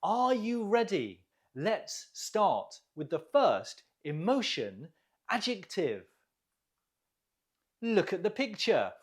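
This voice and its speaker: A man teaching an English vocabulary lesson, explaining words clearly and asking learners questions to repeat. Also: sits high, slow. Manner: clear, lively teaching delivery with rising questions.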